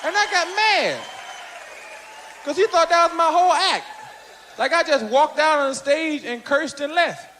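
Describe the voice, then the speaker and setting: High-pitched male comic, crude and shouty storytelling, live hall sound. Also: normal speed. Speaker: stand-up comedian. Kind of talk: stand-up comedy storytelling. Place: stage before a live crowd in a hall. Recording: hall reverb with faint crowd.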